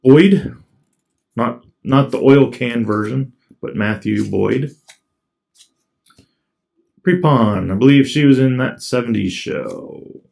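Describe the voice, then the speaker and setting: A man's voice: mid-range voice, slow, vocal fry, long pauses, a little mellow. A man casually commenting as he opens trading card packs, reading off each card in a laid-back way. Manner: laid-back, reads off cards as he goes. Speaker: card collector opening packs.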